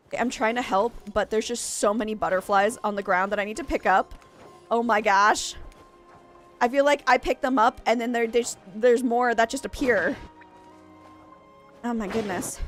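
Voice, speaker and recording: A woman's voice: on the high side, a bit bright. A young adult woman streaming a game, chatting casually in a rambling way, full of exclamations and restarts. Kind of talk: casual chat while gaming live.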